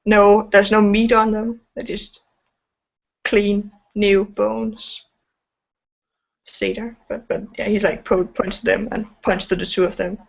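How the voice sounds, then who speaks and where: A woman's voice: mid-range voice, little pitch movement, slow pace, gravelly. A woman narrating as game master of a tabletop game, hesitant and full of fillers. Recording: dull lo-fi sound.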